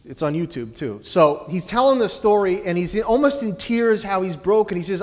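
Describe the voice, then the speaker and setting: This preacher speaks at normal speed with few pauses, his high, animated voice filling a church. Loud, emphatic lines alternate with soft, low asides, each fading into the long echo of the hall.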